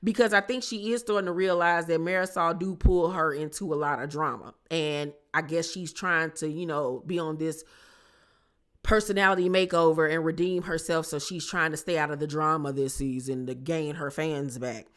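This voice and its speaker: A woman with a somewhat low voice talks through a reality show episode like she is catching up a friend. She is animated and slangy, and she often slips into quoting people along the way. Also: normal speed. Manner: animated, chatty, slangy, acts out quotes. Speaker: reality TV recap YouTuber. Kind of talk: casual gossipy show recap.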